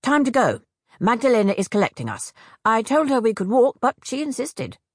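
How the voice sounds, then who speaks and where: A woman's voice: fairly high pitch, sing-song, normal speed, husky, dry recording, studio quality, pitched above the performer's own voice. Woman putting on a chattering eccentric hag. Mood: breezy. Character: odd, brisk female hag, eccentric and talkative.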